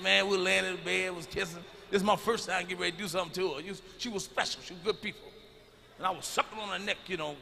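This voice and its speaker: A middle-aged man performing a stand-up comedy routine, telling stories loudly and with plenty of profanity. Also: high-pitched, vocal fry, a little hiss or hum. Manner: loud, profane storytelling. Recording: live arena recording with long reverb.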